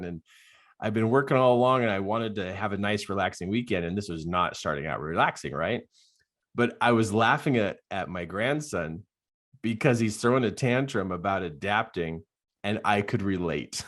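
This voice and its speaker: An older man, a life coach, telling stories in an animated podcast monologue and laughing often. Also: fairly low pitch, moderate pace.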